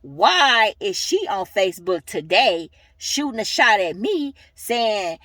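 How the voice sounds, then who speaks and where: A woman's voice: mid-range voice, very animated, takes it slowly, hardly any pauses, a bit bright, dry recording. A young woman ranting heatedly in a vlog, cursing and emphatic. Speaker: vlogger.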